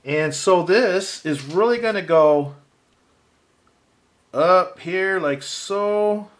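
A man teaching a step-by-step drawing lesson, calmly thinking aloud as he measures and marks lines. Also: high-pitched, extremely slow. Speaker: art teacher.

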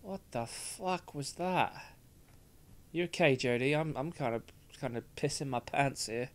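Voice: medium pitch, measured pace. A gaming streamer with a British accent, giving sweary, jumpy, chatty commentary over a game. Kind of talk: let's play commentary.

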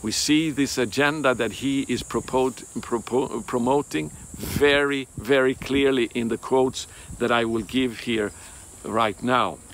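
A man giving a Bible teaching in a deliberate, emphatic way, pausing and hesitating often. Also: mid-range voice, a bit bright, a little hiss or hum.

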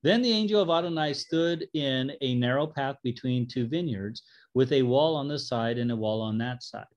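A man's voice: mid-range voice, normal speed, highs cut off. A man teaching a Bible study, reading scripture aloud and stopping to joke and explain it in a casual way.

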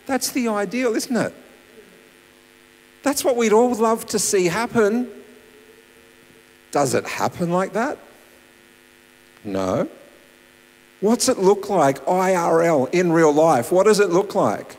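A man preaching a sermon as pastor, animated, with loud emphasis and soft asides. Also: sits high, slow pace, long pauses. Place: church hall. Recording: reverberant church hall.

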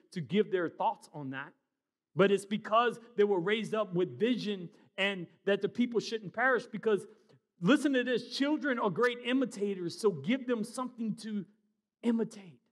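A middle-aged man preaching a sermon as pastor, loud and emphatic with quieter asides. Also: high voice.

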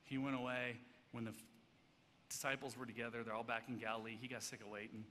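A man preaching a sermon as pastor, swinging between loud emphatic stretches and hushed, soft passages. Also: medium pitch, little pitch movement, fast. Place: church sanctuary. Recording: church hall reverb, faint background noise.

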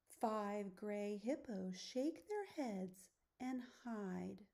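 A woman teacher reading a children's picture book aloud, soft and often hushed. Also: a little high, slow, hardly any pauses.

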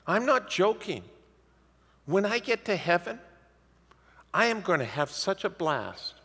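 A man preaching a sermon as the pastor, telling stories in a lively, animated way. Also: sits high, a little slow, husky. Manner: lively storytelling preacher, animated swings in loudness. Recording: reverberant hall.

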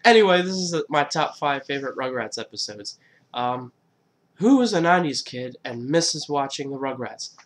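Young male vlogger, twenties, loose casual delivery with swearing, average pitch. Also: expressive, normal speed. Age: 20s. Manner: loose, swearing, laughs at himself. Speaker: YouTuber. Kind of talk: casual countdown vlog.

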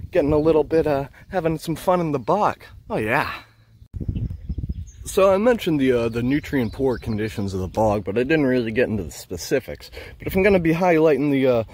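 A man's voice: fairly high pitch, a little mellow, slight background noise. A man filming a walking plant tour outdoors in a peat bog on his handheld camera. He talks in an enthusiastic, rambling way and marvels aloud at the plants. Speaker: nature vlogger.

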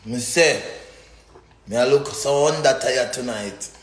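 A man's voice: medium pitch, a little slow, reverberant. A man doing rowdy, profane live-stream banter, full of boasts and laughter.

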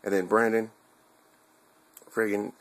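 A man's voice: on the low side, flat delivery, slow. A man talking straight to his viewers in a casual, heartfelt vlog, rambling and earnest, with casual swearing and restarts. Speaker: video blogger.

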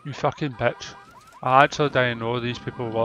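A man commentating his gameplay, loud and excitable, swearing often. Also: medium pitch, a little fast, muffled recording, a little hiss or hum. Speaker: gamer. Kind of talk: let's-play commentary.

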